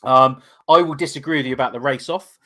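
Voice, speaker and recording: A man's voice: mid-range voice, quick pace, a bit bright. A man co-hosting a casual fan podcast, rambling and enthusiastic with lots of fillers. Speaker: podcast co-host.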